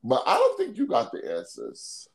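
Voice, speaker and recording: A man's voice: medium pitch, huge pitch swings, moderate pace, vocal fry. Podcast host guy, teasing and laughing, voice bouncing up and down a lot. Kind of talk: casual podcast banter.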